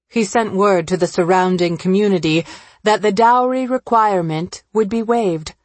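A woman narrating a story in a measured, solemn scripted reading. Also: on the low side, no room sound.

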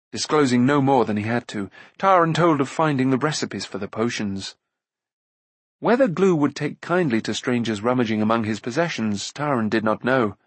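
Husky guy reading a fantasy audiobook, lots of ups and downs, dry close mic. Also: medium pitch, dry recording. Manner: expressive, measured storytelling. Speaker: audiobook narrator. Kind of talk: scripted narration of a fantasy novel.

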